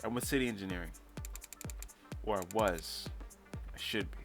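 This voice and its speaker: Guy doing a worn-out suspect who keeps tripping over his words, bright edgy voice, low music behind. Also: moderate pace, close to an everyday voice. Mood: weary. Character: shaken young man under arrest, exhausted and defensive.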